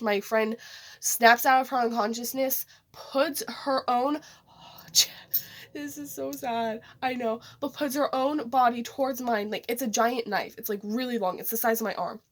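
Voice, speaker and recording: A woman vlogger telling a story in a casual, rambling way, saying "like" a lot. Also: on the high side. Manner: rambling, heavy use of "like".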